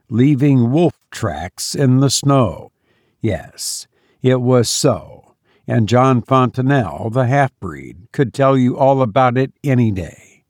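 A man narrating a story as an audiobook in a measured, deliberate manner. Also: mid-range voice, a little mellow, dry recording, clean studio sound.

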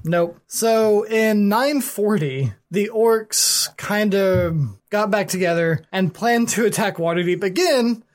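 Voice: mid-range voice, takes it slowly, few pauses. A podcast host casually retelling the history of a fantasy world, loose and chatty, with fillers and the odd swear. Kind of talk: casual chat, storytelling.

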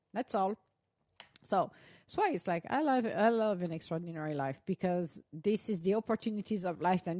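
A woman hosting a casual audio chat, animated and laughing often, restarting her sentences as she talks. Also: medium pitch, no room sound, clean studio sound. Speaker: host of an audio chat room.

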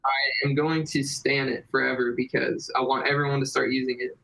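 A man's voice: mid-range voice, level tone, brisk, vocal fry, a crowd in the background, low-quality recording. Easygoing, rambling male band guest. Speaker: guest, band singer and guitarist. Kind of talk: casual interview chat.

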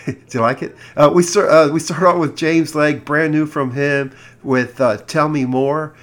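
A man's voice: a little high, steady tone, slow pace. A middle-aged man hosting a music radio show, chatting casually and telling a rambling story with many restarts.

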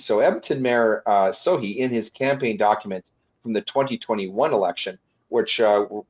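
A man's voice: mid-range voice, breathy edge, muffled recording. A man, a lawyer and guest on a webinar, explaining policy at length with frequent fillers and restarts. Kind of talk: webinar presentation.

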